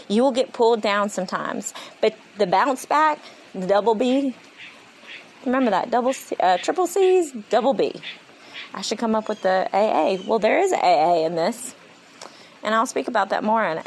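A woman hosting a solo faith-driven motivational podcast, speaking in an animated, rambling, preachy way. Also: medium pitch, a little hiss or hum, poor audio. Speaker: podcast host. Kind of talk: solo inspirational podcast monologue.

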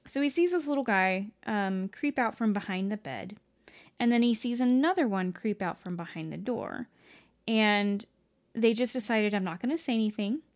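A woman's voice: medium pitch, moderate pace. Woman telling a spooky story, lots of ums, rambly, swears casually. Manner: rambling, many fillers and self-corrections, casual swearing. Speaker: podcast host.

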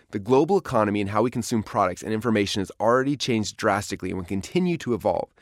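A man reading his own book aloud as an audiobook in a recording studio, brisk and earnest. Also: lowish voice, no room sound. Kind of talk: audiobook narration.

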